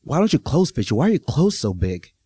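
A man's voice: medium pitch, sing-song, a little fast, dark tone, slightly rough, no room sound, clean studio sound, pitched above the performer's own voice. A man voicing a condescending woman passenger in a live story, scolding a stranger next to her. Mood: scornful. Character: scornful nosy woman airplane passenger.

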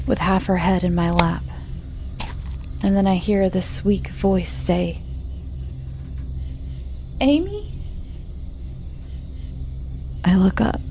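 A woman narrating a scripted first-person horror story in a slow, low, hushed voice that often drops to a whisper. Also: creaky, slight background noise.

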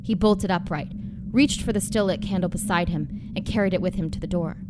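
A woman in scripted story narration, telling it in a measured, dramatic way. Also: on the low side, heavy background noise. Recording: dry close mic with faint music. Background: faint background music.

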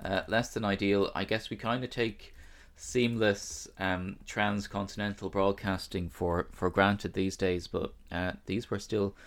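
A man co-hosting a podcast in casual chat, relaxed and rambling with fillers. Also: on the low side, unhurried. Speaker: podcast co-host.

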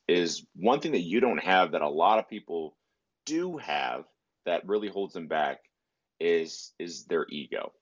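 Very deep-voiced man, dull lo-fi sound. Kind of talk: conversational podcast talk.

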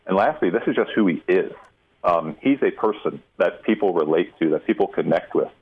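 A man with a deep voice talks through a phone connection that sounds thin and boxy. He breaks down college football questions carefully, stressing his key points. It is the tone of a seasoned insider on call-in radio. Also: expressive, slightly rough. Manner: measured, emphatic analysis. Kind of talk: radio interview answers. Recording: tinny phone line.

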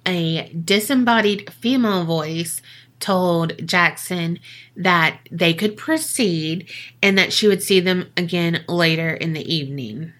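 A woman hosting a podcast, telling a ghost story in a loose, chatty way. She jokes and swears through her asides. Her voice is bright and forward, and she takes her time. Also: fairly low pitch. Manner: profane, jokey retelling with quick asides. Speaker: podcast co-host. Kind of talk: casual storytelling chat.

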